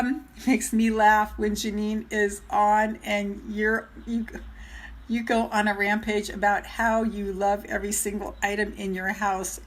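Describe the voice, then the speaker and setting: A woman's voice: mid-range voice, a bit bright. An older woman, a self-love coach, chatting live with her followers in a gushing, chatty way and greeting viewers as they join, speaking into her phone camera at home. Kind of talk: live video chat with followers.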